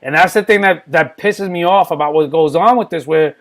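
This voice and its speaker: A man's voice: on the high side, brisk, fairly bright tone. A man guesting on a casual podcast, talking candidly and rambling, often repeating words.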